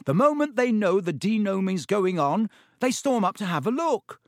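Cheeky teenage boys, lively and teasing, as a narrator voices them. The voice lifts higher and brighter with excitement. It is recorded close and dry. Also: male voice, normal speed, dry recording.

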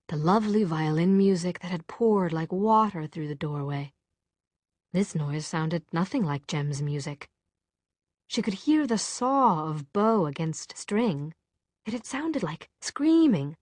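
Brief: woman audiobook narrator, slow and lowish, dry close sound. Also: darkish tone, no echo. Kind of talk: scripted narration.

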